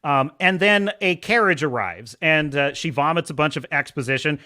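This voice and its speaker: Sarcastic guy on a livestream, high voice that swings all over, laughing at everything. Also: sing-song, normal speed, sharp tone. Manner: mocking, laughs often, acts out scenes. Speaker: live show host. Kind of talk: sarcastic film review rant.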